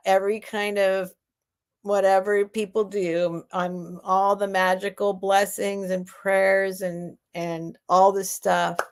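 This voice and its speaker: A woman hosting a live online sale at home, chatting casually and rambling with soft laughs. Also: mid-range voice. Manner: rambling and warm-hearted, with frequent soft laughs. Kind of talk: casual live-stream chat.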